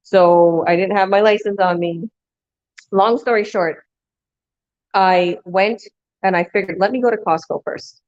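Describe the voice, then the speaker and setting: In a steady, medium-pitched voice, a woman vlogger takes her time with a long story, leaving long pauses. She rambles, restarts, and acts out quotes from people, all in lo-fi sound.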